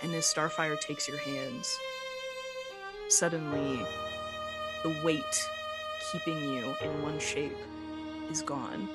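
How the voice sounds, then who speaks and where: A woman narrating as game master, soft and hesitant with many fillers. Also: low voice, steady tone, takes it slowly, long pauses, loud music behind the voice.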